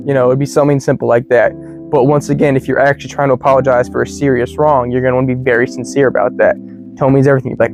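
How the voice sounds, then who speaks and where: An American man teaching English in a relaxed, slangy way, full of "you know" and "like". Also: mid-range voice, rapid-fire. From United States. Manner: laid-back, slangy, many fillers like "you know" and "like". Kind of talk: casual explanatory lesson. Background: faint guitar music.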